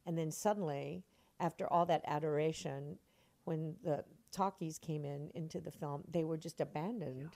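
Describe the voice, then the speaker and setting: A woman's voice: low voice, normal speed. An older woman, a stage actress being interviewed, telling stories with lots of expression and frequent laughter. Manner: expressive, laughing often, acts out quotes. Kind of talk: animated anecdotal storytelling.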